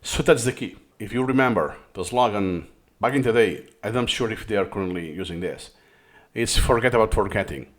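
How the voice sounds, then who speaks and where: A man's voice: lowish voice, fairly quick. A man who speaks English as a third language, explaining a study method in a reaction-style lesson with frequent restarts. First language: not English. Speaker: course host.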